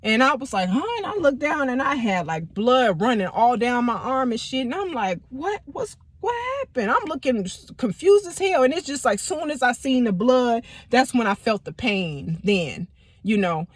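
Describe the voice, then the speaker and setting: A woman telling a personal story in a casual, animated, profane way. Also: on the high side, moderate pace, dry recording. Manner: animated, profane, emphatic retelling. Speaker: vlogger, storyteller.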